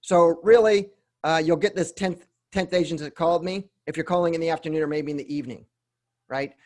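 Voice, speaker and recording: Male sales coach with a high voice, chatty teaching style, keeps checking in with the listener and rephrasing mid-thought. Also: brisk, darkish tone. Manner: conversational, keeps adding "right?" tag questions; restarts and rephrases mid-sentence. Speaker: real estate sales coach. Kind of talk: teaching webinar talk.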